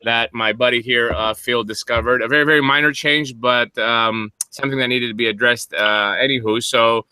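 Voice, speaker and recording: Male co-host, bright and smooth voice, detailed explainer, teasing. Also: medium pitch, fairly even intonation, moderate pace, few pauses, dry recording. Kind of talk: casual podcast chat.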